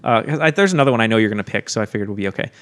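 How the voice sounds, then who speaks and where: A man's voice: lowish voice, lively intonation, racing, a bit bright. A man from Chicago with a light Chicago accent, co-hosting a podcast in casual chat, rambling with lots of ums and restarts. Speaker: podcast co-host. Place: recording studio.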